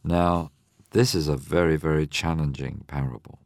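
A man, older, explaining a Bible parable in a measured, teaching way on a discussion program. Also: rumbling low, fairly even intonation, no echo, clean studio sound. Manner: measured, explanatory, reads scripture aloud.

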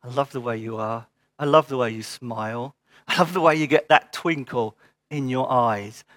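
A man voicing God as a tender, loving father, speaking softly, fondly and slowly. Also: mid-range voice, dry recording, pitched below the performer's own voice, lightly acted. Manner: soft, fond and slow.

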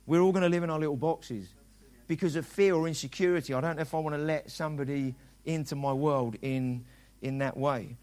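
A man's voice: a little high, fairly even intonation, a little fast, few pauses, a little mellow. A middle-aged man preaching a sermon as a pastor, talking conversationally and acting out dialogue in quoted voices.

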